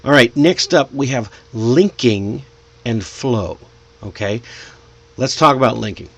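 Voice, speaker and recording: A man's voice: medium pitch, unhurried, husky. A man teaching English pronunciation as a native speaker. He explains with energy and encouragement and draws out the example words to demonstrate them. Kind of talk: teaching lesson.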